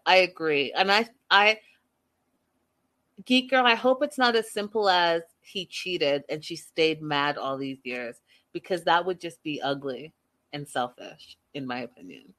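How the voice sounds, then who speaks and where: A woman's voice: low-pitched, expressive, a little slow, fairly bright tone. A woman hosting a casual recap of a reality show, reading viewer comments aloud and giving chatty, opinionated takes. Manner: chatty and opinionated, with frequent fillers.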